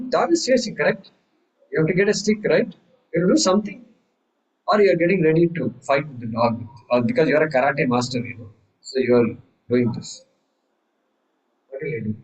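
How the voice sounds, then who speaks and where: A man teaches a class in a lively, questioning way. His voice sits fairly high for a man. He often slips into acting out the people in his examples. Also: poor audio. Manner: animated, acts out quoted voices, rhetorical questions. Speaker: Vedanta teacher. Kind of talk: class lecture.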